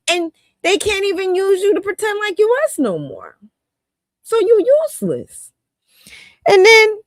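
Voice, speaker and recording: A woman's voice: sits high, no room sound. A woman giving heated, scornful commentary on a live stream, laughing and talking in a colloquial way. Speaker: commentator on a political talk stream.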